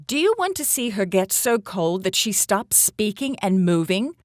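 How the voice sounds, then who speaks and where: A woman voicing a wise, steady father orca in a calm, firm tone for a storybook. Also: mid-range voice, moderate pace, dry recording, studio quality, natural voice.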